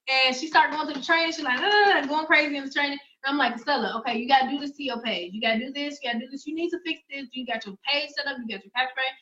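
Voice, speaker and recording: A woman trainer giving an energetic, chatty sales presentation to her audience, speaking. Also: high voice, reverberant, dull audio. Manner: energetic, chatty, addresses audience as y'all and guys. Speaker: online business trainer.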